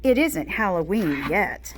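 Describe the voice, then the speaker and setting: A woman's voice: mid-range voice, sing-song, measured pace, a little hiss or hum. A woman doing a teasing, squeamish big sister. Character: cheeky, pestering big sister, young girl.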